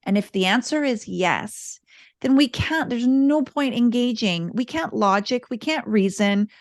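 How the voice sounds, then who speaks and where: A woman with a fairly high voice talks calmly through parenting advice as a podcast guest, restarting phrases as she goes. Her voice is recorded very dry and close, with no room sound at all. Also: a little slow, no echo. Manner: calm, explanatory, repeats words while thinking. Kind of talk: casual interview talk.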